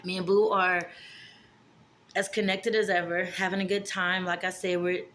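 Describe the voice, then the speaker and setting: A woman's voice: moderate pace, slight background noise. A woman, telling a story in a casual vlog and acting out the dialogue with big jumps in her voice. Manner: animated, acts out dialogue with big pitch jumps. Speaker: vlogger.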